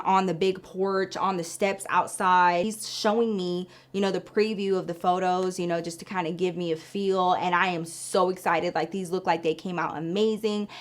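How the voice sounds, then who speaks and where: A woman in her thirties telling a story to her viewers in a casual, animated way, swearing freely. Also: lowish voice, normal speed. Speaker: vlogger.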